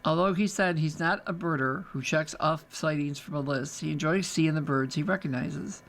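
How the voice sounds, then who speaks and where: A man's voice: on the high side, normal speed, gravelly, fairly bright tone. A man reading newspaper articles aloud for a radio reading service, adding chatty asides as he goes. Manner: chatty, adds casual asides while reading. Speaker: volunteer reader.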